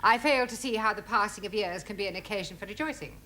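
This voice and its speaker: An actress with a British accent playing a stern, prim middle-aged headmistress in a sitcom, formal and cold. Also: female voice, medium pitch, quick pace, bright, forceful tone, slight background noise, close to an everyday voice. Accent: British English. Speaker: school principal. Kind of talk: 1970s sitcom acting.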